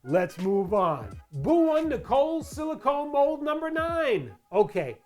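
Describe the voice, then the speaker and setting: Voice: high voice, very animated, measured pace, a little mellow, faint music behind. A crafting channel host giving a chatty tutorial voice-over, playful and full of asides and questions to the viewers.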